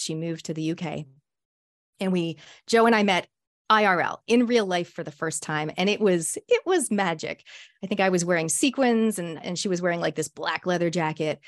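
A woman hosting an interview show, talking with effusive, gushing enthusiasm. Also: on the low side. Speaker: show host.

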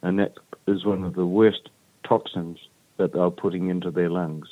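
Kiwi phone-in guest: earnest, urgent, low-pitched man heard through a tinny phone line. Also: little pitch movement, normal speed, dry recording. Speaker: interview guest. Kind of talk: phone-in interview.

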